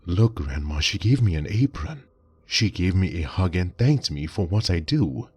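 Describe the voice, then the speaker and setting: A man's voice: low-pitched, very animated, moderate pace, darkish tone, husky, heavily acted. A man voicing a young female servant who talks back to her mistress in a pleading, reproachful way.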